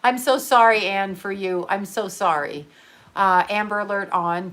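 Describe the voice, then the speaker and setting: Middle-aged woman, livestream host, grieving; slow, halting, filler-heavy delivery with a bright edge. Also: mid-range voice. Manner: halting, emotional, many fillers and restarts, swears casually. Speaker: livestream host reading viewer comments. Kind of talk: unscripted livestream talk.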